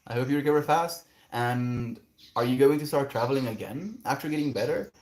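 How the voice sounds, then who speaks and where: A man talking casually to his livestream audience from a quiet outdoor spot. He reads viewers' messages aloud and mulls them over, thoughtful and easygoing. His pitch sits in an ordinary middle range. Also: fairly quick. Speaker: livestreamer reading chat.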